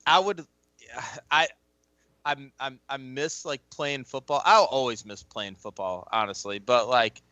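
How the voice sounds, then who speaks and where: A man and former football player chatting casually as a podcast guest, rambling and swearing freely as he tells animated stories. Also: mid-range voice, unhurried, dry recording, dull audio. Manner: rambling, profane, animated storytelling. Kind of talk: casual chat.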